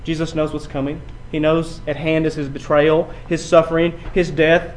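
A man preaching a sermon, building from quiet passages to loud, emphatic runs and often repeating his words. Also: fairly high pitch, little pitch movement, normal speed, slight background noise, poor audio. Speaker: pastor.

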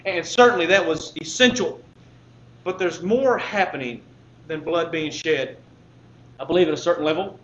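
A man's voice: high-pitched, dull audio, slight background noise. A man preaching a sermon, building with repetition into fervent, impassioned appeals.

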